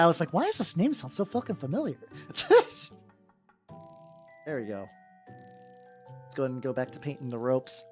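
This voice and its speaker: A woman's voice: rumbling low, big pitch swings, moderate pace, pauses often, slightly rough. A woman streaming as she paints miniatures, chatting casually with her viewers, greeting them by name, laughing and swearing freely. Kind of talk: casual livestream chat. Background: soft background music.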